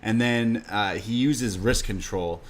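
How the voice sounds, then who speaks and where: A man co-hosting a podcast, chatting about wrestling with enthusiasm and jokes, quick to laugh. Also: lowish voice. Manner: enthusiastic, joking, laughs easily. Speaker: podcast co-host. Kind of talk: casual wrestling chat.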